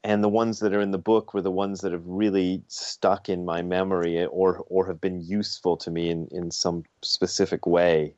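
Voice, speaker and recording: Low-voiced man on a dull dry line. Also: little pitch movement, normal speed, hardly any pauses, darkish tone, dry recording. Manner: thoughtful and explanatory. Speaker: author and guest.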